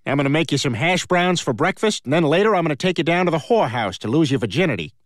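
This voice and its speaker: An actor voicing a loud, dim-witted middle-aged cartoon dad with a nasal, blustering delivery. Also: male voice, fairly high pitch, expressive, fast, no room sound, clean studio sound, lightly acted. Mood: chummy. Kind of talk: animated sitcom dialogue.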